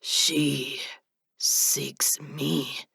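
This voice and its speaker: A quiet young male death spirit, guarded and hushed, speaking low and slow in a storybook, as a woman acts him out. The voice is breathy and raspy, recorded dry. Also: little pitch movement, dry recording, exaggerated voice.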